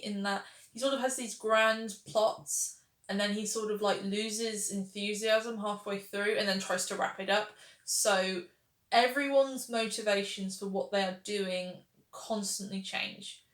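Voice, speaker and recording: A woman's voice: mid-range voice, fairly bright tone. A woman giving casual, sarcastic commentary on a television series, exasperated with its writing. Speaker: pop culture reviewer. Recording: roomy echo.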